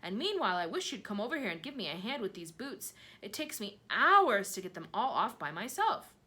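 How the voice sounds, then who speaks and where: A woman's voice: medium pitch, big pitch swings, pushed and bright, pitched above the performer's own voice. Woman voicing the Centipede, a shrieking boastful bug. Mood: boisterous. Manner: shrieking, cackling, fast bursts. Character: boastful rascally male centipede, loud and gleeful.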